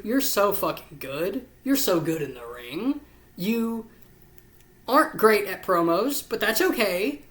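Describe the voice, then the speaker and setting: Here a yawning, tired vlog host rambles through a casual ranking chat for the camera, swearing often and gushing. The mid-range voice has a fairly bright tone and a roomy sound.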